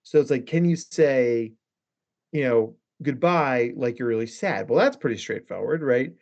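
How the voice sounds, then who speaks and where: A man speaking as a guest therapist in a casual podcast conversation, lively, acting out quoted lines with shifting inflection. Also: mid-range voice, moderate pace, gravelly. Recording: dull lo-fi sound.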